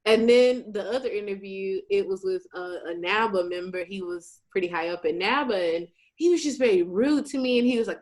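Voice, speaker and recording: Young woman, casual guest, animated storyteller who acts out every exchange. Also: mid-range voice, normal speed. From Shreveport, Louisiana, USA. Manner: animated, plays out conversations in quoted voices.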